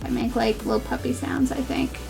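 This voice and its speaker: A woman's voice: fairly high pitch, big pitch swings, fairly quick, creaky, over music. A woman streamer chatting casually while she cross-stitches. She rambles, giggles often and says "like" a lot. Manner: giggly, rambling, heavy use of "like".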